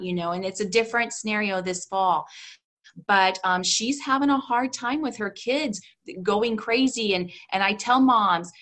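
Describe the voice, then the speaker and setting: A woman's voice: mid-range voice, fairly bright tone. A woman in her fifties, a homeschooling mother and grandmother, talking as a guest in a casual interview with an earnest, encouraging manner. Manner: earnest, encouraging, with frequent restarts and fillers.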